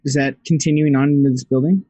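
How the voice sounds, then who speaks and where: A man's voice: mid-range voice, fairly even intonation, fast, dark tone, husky, no room sound. A man playing a tabletop game with playful, wry remarks. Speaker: player.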